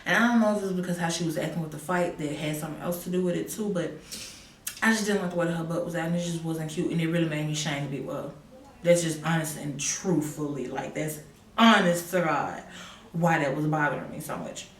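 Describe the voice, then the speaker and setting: A woman telling a story in a casual vlog, animated and sassy, jumping from loud exclaims to hushed asides. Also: sits low, fairly quick, recorded from a distance. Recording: echoey room, a bit off-mic, faint hum.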